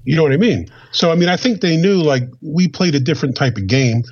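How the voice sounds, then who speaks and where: A man, a former police officer, talking in a measured way and hedging his points in casual chat. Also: on the high side, animated, darkish tone, slightly rough, highs cut off.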